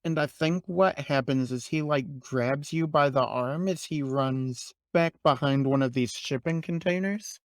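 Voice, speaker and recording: A man narrating a tabletop game as game master, describing action in a measured way. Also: a little high, no echo.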